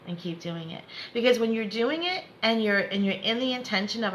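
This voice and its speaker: Bright-voiced woman teaching spirituality. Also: a little high, lively intonation, brisk, hardly any pauses, a little hiss or hum, low-quality recording. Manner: repetitive, encouraging, laughs often. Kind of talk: live online spiritual lesson.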